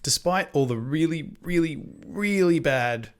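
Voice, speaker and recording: A man co-hosts a podcast, rambling in casual chat, swearing freely, and often correcting himself mid-sentence. His voice is fairly high in pitch with lively intonation, and he speaks a little slowly.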